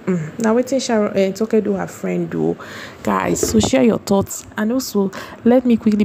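A Nigerian woman runs a casual celebrity gossip vlog, talking straight to her viewers. Her voice is gravelly and mellow, with a faint hiss under it. She drops into Pidgin asides now and then. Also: medium pitch.

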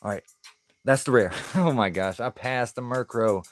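A man's voice: medium pitch, normal speed. A man chatting casually on a live stream as he opens card packs, easygoing and laughing often.

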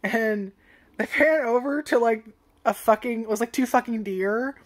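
A woman's voice: on the high side, normal speed. Casual swearing woman reviewing anime. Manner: rambling, swears often, laughs at own jokes. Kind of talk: casual chat.

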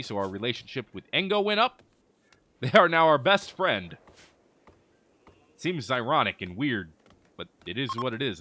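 A man giving animated let's-play commentary, reacting loudly and chatting to the characters on screen. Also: mid-range voice, no echo. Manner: excitable, chatty, talks to game characters. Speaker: gaming video host.

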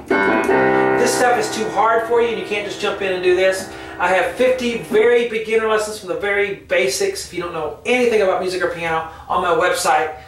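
A higher-pitched man teaches piano in a chatty, relaxed way and hums the rhythms as he goes. He sounds set back from the mic in a very echoey room, with loud piano playing behind him. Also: far from the mic. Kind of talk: casual online piano lesson.

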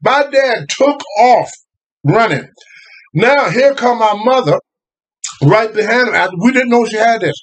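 An older man telling a family story in casual, animated talk, laughing and raising his voice at the big moments. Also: very high-pitched, measured pace. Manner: animated, laughing, rising to shouts at the climax. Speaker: storyteller guest.

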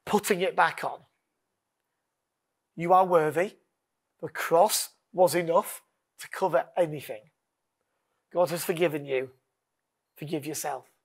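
Earnest pastor preaching. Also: male voice, fairly high pitch. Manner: earnest, leads call-and-response, drops to a hush. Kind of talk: sermon.

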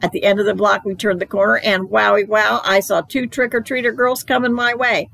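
A woman reading a children's book aloud for a library, expressive and playful. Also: mid-range voice, brisk, vocal fry, poor audio. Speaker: library storyteller.

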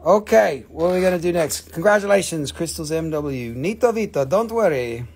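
A fairly high-voiced man runs a live auction of rocks and minerals from his shop. He is excitable, swears freely and mocks himself as he knocks the prices down. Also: normal speed. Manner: excitable, swearing, self-mocking. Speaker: live-stream rock seller. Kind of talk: live auction sales stream.

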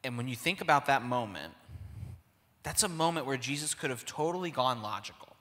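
A male pastor talks quickly with a bright, forceful tone, nudging his colleague along with affirming prompts. The long reverb of a church hall surrounds his voice. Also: medium pitch, very animated. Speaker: pastor, co-host. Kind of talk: conversational sermon discussion. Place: church auditorium.

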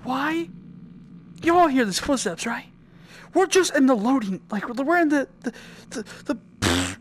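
Chatty woman with lively yelps. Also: a little slow, pauses often, slight background noise. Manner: chatty, jokey, bursts into high yelling. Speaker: gaming channel host. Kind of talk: casual gameplay commentary.

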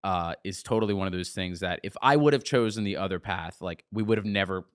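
Speaking quickly in a low voice, a young musician and church worker chats as an interview guest. He's a laid-back storyteller who performs the quotes in his anecdotes, captured at studio quality without any echo.

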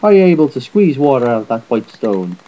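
A man's voice: mid-range voice, big pitch swings, fairly quick, dull audio, close to an everyday voice. A man voicing a giant posing as a baby, demanding and cocky.

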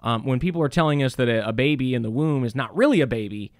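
Middle-aged guy preaching, animated tone, dry sound, lots of ums. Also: medium pitch, fast, no echo. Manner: emphatic, rhetorical questions, many fillers. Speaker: church speaker. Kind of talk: preaching talk.

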